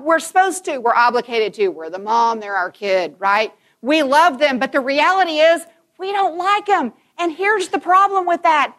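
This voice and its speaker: A woman's voice: high voice, expressive, normal speed, a bit bright. A woman in her fifties giving a Christian conference talk to mothers, telling personal stories emphatically and acting out the dialogue.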